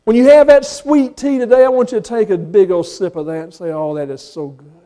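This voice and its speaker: A man with a Southern accent preaching a sermon as pastor, folksy and at times rising to impassioned shouts. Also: very high-pitched, expressive, a little fast. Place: church sanctuary.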